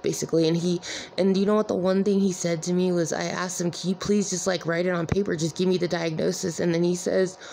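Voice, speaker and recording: A weary, distressed woman talking to her viewers in a rambling, halting way, with many repeated "like"s. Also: on the low side, level tone, vocal fry, mellow, slight background noise. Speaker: vlogger. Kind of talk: emotional personal vlog.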